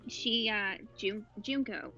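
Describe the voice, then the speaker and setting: A woman's voice: medium pitch, takes it slowly, lo-fi sound, faint music behind. A woman co-hosting a livestream, telling a story in casual chat and acting out what people said. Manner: animated storytelling, acting out quotes.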